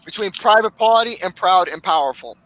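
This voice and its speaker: A man hosting a casual podcast, recapping wrestling matches with lots of swearing and excitement. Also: high voice, a little fast, no echo, poor audio. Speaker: podcast host.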